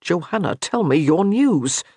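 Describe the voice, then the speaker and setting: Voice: medium pitch, sing-song, a little slow, mellow, breathy edge, no echo, studio quality, exaggerated voice. A narrator voicing a demanding, impatient English nobleman in an audiobook. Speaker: character in an audiobook. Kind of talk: audiobook character reading.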